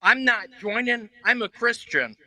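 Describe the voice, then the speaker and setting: A man doing a stand-up set, delivering deadpan one-liners with hesitant fillers between jokes. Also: very high-pitched, unhurried, no room sound, rough recording. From Memphis, Tennessee. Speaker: stand-up comedian.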